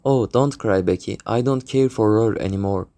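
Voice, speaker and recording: A man's voice: lowish voice, moderate pace, warm tone, no room sound, close to an everyday voice. A man reading as a mischievous schoolboy. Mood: pleading. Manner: reads with hesitant hums.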